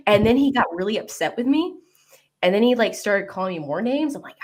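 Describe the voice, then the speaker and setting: A woman from Texas, a guest on a live stream, telling animated stories in blunt, casual talk with some swearing. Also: mid-range voice, fairly quick. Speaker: guest cosplayer. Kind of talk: casual chat.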